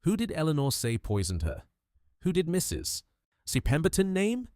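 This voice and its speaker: A man voicing a shrewd, fussy Belgian detective in an audiobook, gentle but implacable, dropping French phrases. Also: a little high, wildly swooping pitch, normal speed, no room sound, studio quality, pitched above the performer's own voice. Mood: pressing. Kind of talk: audiobook character voice.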